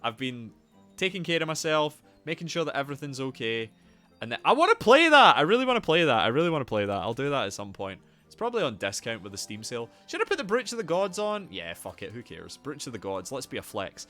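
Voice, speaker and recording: A young man live-streaming a game, chatting casually and loudly greeting viewers by name, with a rambling, swearing manner. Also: medium pitch. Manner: animated, loud greetings to viewers.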